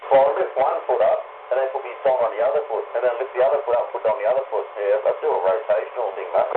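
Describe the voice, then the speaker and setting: Fast-talking, brash Australian man on CB radio. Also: medium pitch. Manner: brash, swearing constantly, says mate a lot. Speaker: CB radio caller. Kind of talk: casual banter over CB radio. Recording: tinny CB radio with clear hiss.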